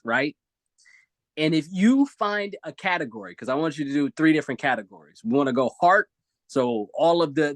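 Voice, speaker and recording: A man's voice: fairly high pitch, no room sound. A man speaking expressively on a live video-call talk show, giving emphatic motivational advice.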